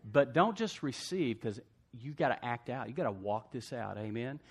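A man preaching a sermon to a church congregation, asking "amen?" and swinging from hushed asides to loud emphasis. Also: medium pitch, expressive, normal speed, husky. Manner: call-and-response preaching, asks congregation "amen?". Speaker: pastor.

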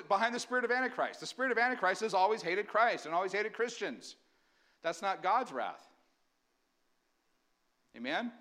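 A male pastor delivering a sermon in a high, bright voice. He preaches with energy and keeps asking the congregation questions. His tone stays lively and forceful throughout.

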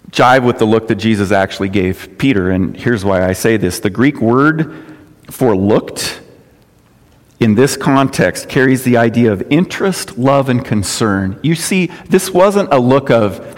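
A male pastor preaching a sermon in a conversational way, often rising for emphasis. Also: medium pitch. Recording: long reverb of a hall.

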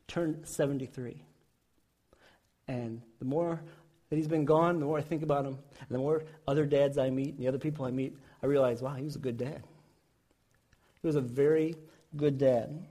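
High-voiced man preaching with passion. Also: steady tone, normal speed, long pauses, warm tone. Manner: impassioned storytelling, rising and falling intensity. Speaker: pastor. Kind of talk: sermon.

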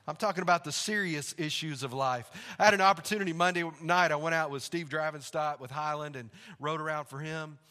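A male pastor delivers a sermon in a chatty, storytelling way, with a high-set and bright voice. His words ring out with long reverb across a church sanctuary. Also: brisk, few pauses. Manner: conversational storytelling, laughs along.

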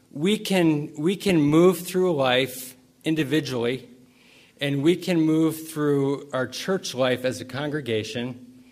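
Rambling, self-mocking male pastor. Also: a little high. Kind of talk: storytelling sermon.

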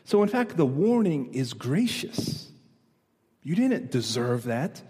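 Animated preacher with a high voice. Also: male voice, slow pace. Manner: animated, storytelling, asks the audience questions. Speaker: pastor. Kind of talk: sermon. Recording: long echo of a large hall.

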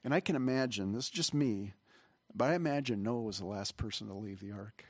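A man's voice: fairly low pitch, fairly quick, darkish tone, no room sound. A man preaching a conversational sermon as pastor, earnest and rambling, with many restarts and fillers. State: emotional, voice catching. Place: church hall.

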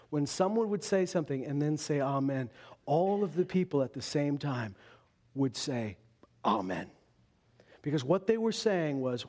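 A man with a notably high voice preaches a sermon. He lifts his pitch for emphatic lines, then drops to hushed, drawn-out phrases. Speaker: pastor.

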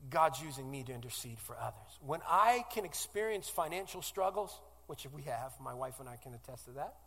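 A man in his forties preaching a sermon as pastor, moving from loud declarations to hushed pleas. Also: medium pitch, animated, a little fast, creaky, long reverb tail. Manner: impassioned, swinging from loud declarations to hushed, tearful-sounding pleas.

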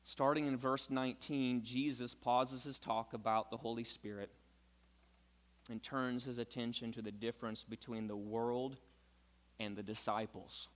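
A man preaching a sermon, moving between quiet explanation and loud, emphatic passages. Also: level tone, measured pace. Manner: swings from soft low explaining to loud high emphatic preaching. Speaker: pastor.

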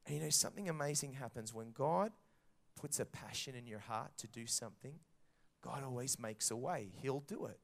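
A man shares his faith story in a lively, storytelling way. His voice has a gravelly, creaky edge. He acts out the voices he quotes as he goes. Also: medium pitch, normal speed. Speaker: children's music minister. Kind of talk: testimony talk.

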